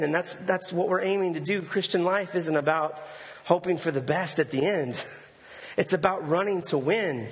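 A man's voice: high-pitched, normal speed. A male pastor preaching a sermon in a conversational way, often repeating words for emphasis. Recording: long hall reverb.

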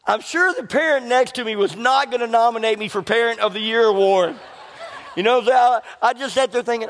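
A man's voice: very high-pitched, a little fast, a bit bright. A middle-aged man, preaching a sermon full of folksy personal stories and questions to the congregation. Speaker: pastor. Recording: long hall reverb.

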